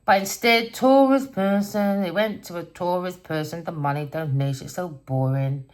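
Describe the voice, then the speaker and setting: A woman's voice: lowish voice, fairly even intonation, moderate pace. A woman giving a casual tarot reading, blunt and rambling, swearing constantly as she tells stories. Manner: storytelling, rambling. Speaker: tarot reader.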